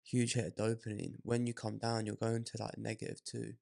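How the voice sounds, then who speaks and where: A man in a casual podcast chat, calmly explaining his view. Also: on the low side, a little fast, gravelly, dry recording, clean studio sound. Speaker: podcast co-host.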